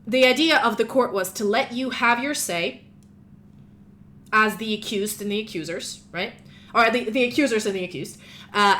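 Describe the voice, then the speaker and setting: A woman's voice: medium pitch, fairly bright tone, a little hiss or hum. A woman narrating and running a tabletop role-playing game in a casual, rambling way, with many fillers. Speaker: game master.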